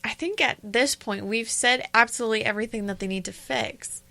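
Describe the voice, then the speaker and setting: Bright excitable woman, dry close sound. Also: a little high, gravelly, no room sound. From Canada. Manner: excitable, quick interjections. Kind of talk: casual sports podcast chat.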